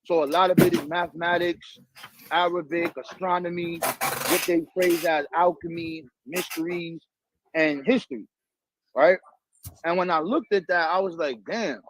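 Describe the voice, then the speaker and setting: High-voiced New York man, streetwise talk. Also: normal speed. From New York, the Bronx. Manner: streetwise, profane, animated storytelling. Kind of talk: casual conversation. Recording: dull lo-fi audio, dry.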